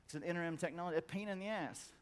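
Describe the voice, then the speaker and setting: A middle-aged man with a fairly high voice talks to a crowd at a conference. He is blunt and swears freely, stacking the same word again and again to drive a point home. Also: rapid-fire. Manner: blunt, profane, emphatic repetition; acts out quoted voices in a loud high squawk. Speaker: conference speaker. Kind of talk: profane motivational talk. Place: conference hall.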